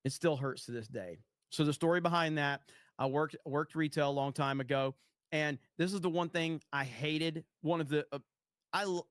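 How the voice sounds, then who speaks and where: A man's voice: a little high, dry recording, studio quality. A man hosting a casual livestream, rambling and swearing freely as he reads chat messages aloud and tells stories. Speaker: streamer.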